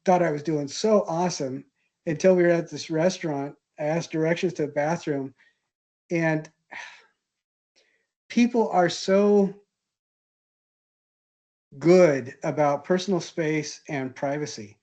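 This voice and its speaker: In what sounds like a classroom, a man who teaches art history drifts into a relaxed story, speaking slowly with long pauses in a low, warm voice. Hesitant yet talkative, he fills the telling with ums and false starts and chuckles at his own jokes.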